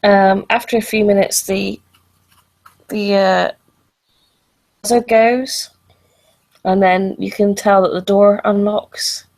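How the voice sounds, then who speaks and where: A woman's voice: medium pitch, steady tone, takes it slowly, long pauses, darkish tone, rough recording. A woman narrating a tabletop role-playing game as storyteller, hesitant and full of fillers.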